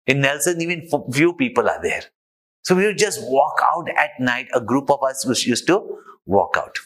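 A man's voice: mid-range voice, animated, moderate pace, fairly bright tone, rough recording. A man, a spiritual teacher, telling an anecdote in a sermon and drawing a moral from it. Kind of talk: sermon storytelling.

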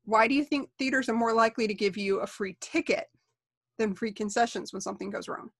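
A woman's voice: fairly high pitch, brisk. A woman who works at a movie theater, talking bluntly in a casual chat. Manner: blunt, exasperated about customers.

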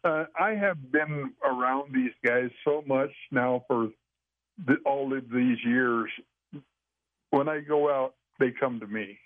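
Over tinny phone-line audio with no room sound, an older podcast guest slowly recounts Sasquatch encounters at a medium pitch. His casual storytelling is folksy and rambling, with frequent restarts.

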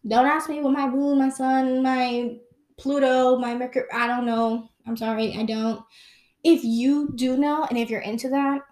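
A woman's voice: high-pitched, fairly even intonation, moderate pace, darkish tone. A young adult woman vlogging, answering questions in a rambling, casual chat full of "like" and "um". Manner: rambling and chatty, lots of "like" and "um".

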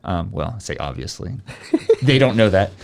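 Man, lowish voice, relaxed host, halting casual chat. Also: vocal fry, noisy background. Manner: relaxed, halting, with many fillers.

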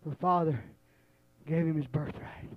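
A male preacher, telling a story in a sermon and building from low storytelling to shouted, drawn-out, repeated lines. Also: no room sound, narrow, tinny audio.

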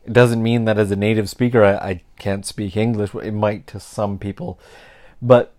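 A man's voice: on the low side, fairly quick, darkish tone. A Canadian man hosting a casual solo podcast, talking candidly and reflectively and often correcting himself mid-sentence. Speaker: podcast host.

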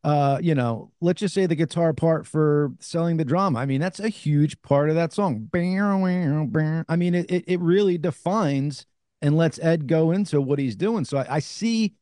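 A man's voice: on the high side, a little slow, mellow, dry recording, studio quality. A man with a New Jersey accent hosting a casual interview, enthusiastic and cursing freely. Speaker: podcast host.

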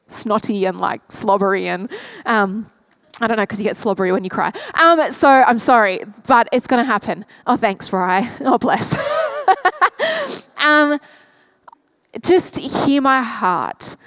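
A woman's voice: mid-range voice, unhurried, fairly bright tone, no room sound. A woman pastor leading prayer and then preaching, talking earnestly and candidly from the heart to her church. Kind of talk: church service prayer and sermon.

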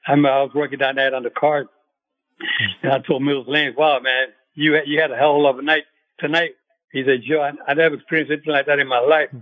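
An older man, a retired boxing referee, speaking as a radio show guest and recalling things in a halting way with many fillers and restarts. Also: on the high side, level tone. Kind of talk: phone-in radio interview. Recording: tinny phone line.

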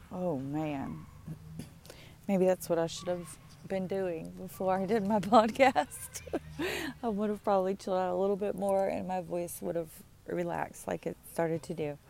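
A woman hosting her own podcast, talking anxiously and haltingly with many pauses and fillers, her throat tight with stress, recorded outdoors. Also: fairly low pitch, steady tone, creaky, darkish tone, a little hiss or hum. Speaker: podcast host. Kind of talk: personal podcast monologue. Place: outdoors in the sun.

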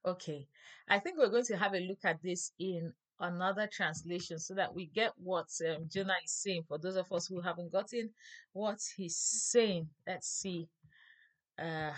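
A woman leading a Bible study, reading scripture aloud and explaining it plainly, sometimes correcting herself as she goes. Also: on the low side.

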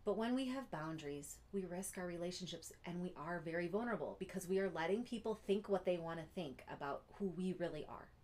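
A woman giving an earnest teaching talk, pausing often to check in with her listeners. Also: lowish voice, lively intonation, a little mellow. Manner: earnest, keeps checking in with "Okay?". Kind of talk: teaching monologue.

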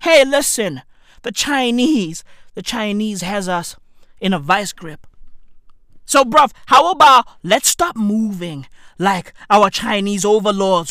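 A South African man delivering a comedic, swearing rant to camera, with frequent shouted outbursts. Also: sits high, sing-song, slow pace, dry recording, clean studio sound. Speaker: vlogger.

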